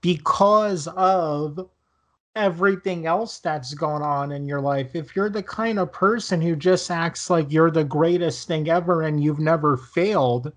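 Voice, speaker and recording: A man's voice: a little high, a little slow. A man co-hosting a podcast, chatting casually in a reflective way and eager to chime in. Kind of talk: casual chat.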